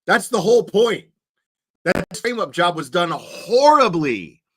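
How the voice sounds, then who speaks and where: A man's voice: high-pitched, sing-song, unhurried, a bit bright, slightly rough. Profane, rambling male streamer. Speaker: reaction streamer. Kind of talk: casual reaction commentary.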